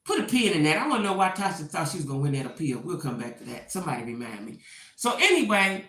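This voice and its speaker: A woman with a low, sing-song voice talks fast and a little brightly in a roomy-sounding space. She hosts a casual gossip commentary, chatting directly to her viewers, answering them by name and tagging her points with "right?".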